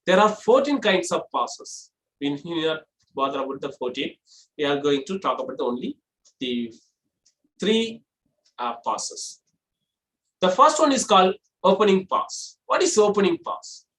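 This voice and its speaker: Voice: medium pitch, big pitch swings, unhurried, a bit bright, echoey room, low-quality recording. A trainer giving a classroom lecture on public speaking. The trainer explains step by step and poses rhetorical questions, then answers them.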